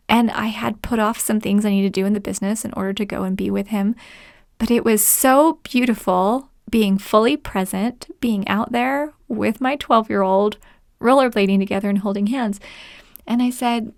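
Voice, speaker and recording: A woman's voice: mid-range voice, moderate pace, vocal fry, no echo, clean studio sound. A woman in her forties hosting a podcast, telling a personal story in a chatty way and often laughing. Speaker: podcast host.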